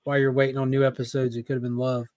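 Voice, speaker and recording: A man's voice: medium pitch, little pitch movement, rapid-fire, darkish tone, no room sound, studio quality. A man on a pop culture panel, talking enthusiastically and rambling with lots of fillers. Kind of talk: casual panel chat.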